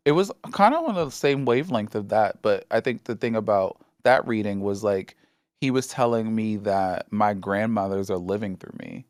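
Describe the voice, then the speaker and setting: A man's voice: on the low side, normal speed, dry recording, clean studio sound. A man co-hosting a podcast, chatting casually and telling stories with easy laughs. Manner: laid-back, storytelling, laughs often. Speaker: podcast co-host. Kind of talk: casual chat. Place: studio.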